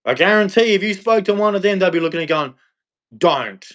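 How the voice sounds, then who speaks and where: A man's voice: high voice, very fast, a bit bright. An Australian man ranting on a livestream in a blunt, scolding, preachy way. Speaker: livestream host. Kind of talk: livestream rant.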